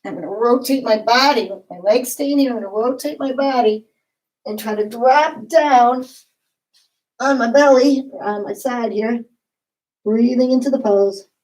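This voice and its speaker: A woman leading a yoga class, giving calm, encouraging step-by-step cues. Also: fairly high pitch, a little slow, rough recording. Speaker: yoga instructor. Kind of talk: guided yoga class instruction.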